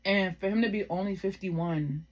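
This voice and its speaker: A woman's voice: mid-range voice, moderate pace. Heartfelt woman rambling through a personal story. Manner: heartfelt, reflective, rambling with many fillers. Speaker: vlogger.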